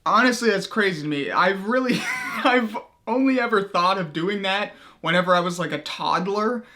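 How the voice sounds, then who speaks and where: A man's voice: high voice, moderate pace, bright, forceful tone. A young man hosting comedic video commentary, crude and mocking, profane, often laughing at his own jokes. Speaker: commentary YouTuber.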